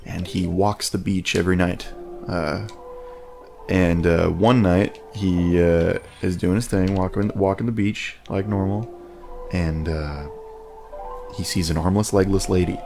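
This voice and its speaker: A man with a low, gravelly voice, chatting loosely while playing a game. He tells jokes in a flat, deadpan way. Faint music plays behind him. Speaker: co-host. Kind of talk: casual gaming chat.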